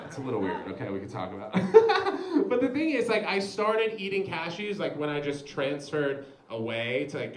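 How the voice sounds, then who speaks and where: A young man performing a stand-up comedy set, chatty and animated, talking straight to the crowd. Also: medium pitch, reverberant, slight background noise, low-quality recording. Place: comedy show venue.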